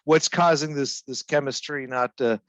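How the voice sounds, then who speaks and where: A man talks about an album in a slow, halting way, full of fillers and restarts. His voice comes through a dull remote call line. The sound is dry, with no room around it. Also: mid-range voice, steady tone, a bit bright, no room sound. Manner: halting, searches for words with many fillers. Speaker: guest. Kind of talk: casual podcast chat about an album.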